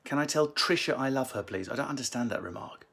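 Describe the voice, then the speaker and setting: A male comedian answers viewer questions in a casual live session from a library room at home. His banter is quick, cheeky and crude. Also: mid-range voice, expressive, creaky, fairly bright tone.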